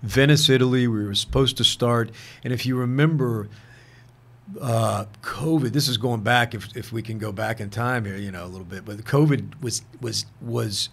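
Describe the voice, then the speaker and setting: A man, a guest actor, telling anecdotes in a casual interview, earnest and halting, restarting sentences and often saying "man". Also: mid-range voice, gravelly, a bit bright. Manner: peppers speech with "man".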